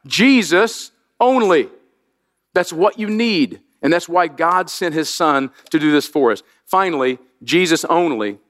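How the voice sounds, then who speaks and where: A man preaching a sermon as pastor, animated, with jokey asides and rhetorical questions to the congregation. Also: sits high, long reverb tail.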